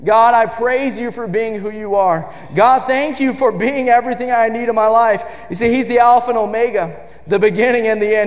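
A man preaches a sermon in a church sanctuary, building from quiet, measured passages to shouted declarations. The church hall gives the recording a long reverb.

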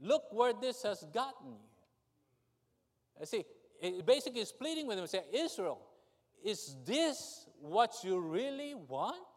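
A man preaching a sermon with fervent, pleading delivery, rising to loud high cries. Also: very animated, a little slow. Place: large church hall. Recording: reverberant church hall.

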